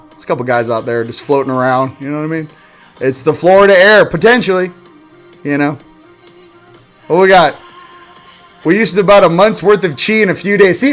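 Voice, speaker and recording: Rambling, jokey man with a high voice. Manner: rambling and jokey, swings between loud and quiet. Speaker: host of a spiritual livestream. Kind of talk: casual livestream chat.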